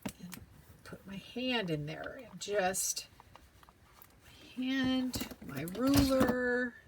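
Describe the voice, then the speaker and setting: Woman, craft tutorial host, very slow pace, lively pitch, chatty, whispers to herself, going hoarse. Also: crowd noise. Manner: slow, chatty, talks to herself while working, drops to whispers. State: losing her voice, clearing throat.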